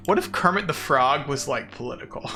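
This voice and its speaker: A man's voice: a little high, expressive, fairly quick, bright, forceful tone, faint music behind. A man streaming a game, chatting casually and sarcastically with his chat. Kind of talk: casual chat while gaming.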